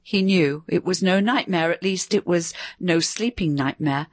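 A woman narrating a story in a measured, expressive reading. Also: lowish voice. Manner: measured, expressive, varied delivery.

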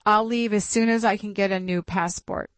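Give me a woman voicing a glum elderly father, subdued, in a mid-pitched voice. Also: steady tone, normal speed, no room sound, natural voice. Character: grieving elderly Greek immigrant father, glum.

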